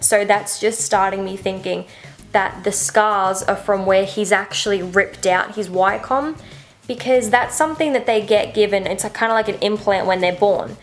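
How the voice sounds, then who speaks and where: Woman book vlogger, just up, rambling and chatty, a bit of fry in the voice, faint music underneath. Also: medium pitch, moderate pace. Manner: chatty and rambling, full of "like" fillers. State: just woken up. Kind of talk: casual reading update.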